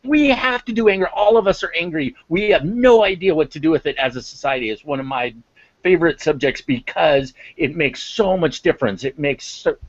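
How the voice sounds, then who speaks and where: A man's voice: fairly high pitch, expressive, a little fast, dry recording, highs cut off. A man speaking as an interview guest on emotional intelligence, impassioned and emphatic, repeating words for stress. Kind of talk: interview talk.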